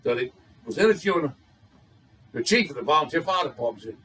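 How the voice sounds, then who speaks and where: An older man with a drawl tells off-color jokes in a folksy, rambling way. His voice sits a bit high and sounds bright and forceful. He sounds some distance from the mic. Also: lively intonation, brisk, pauses often. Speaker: joke teller. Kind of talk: telling raunchy jokes.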